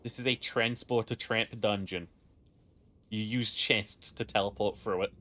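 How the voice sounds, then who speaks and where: A man's voice: on the low side, fairly even intonation, unhurried, sharp tone. A man streaming a video game, joking crudely and chatting with his viewers. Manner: crude, joking, talks to chat. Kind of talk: casual gameplay commentary.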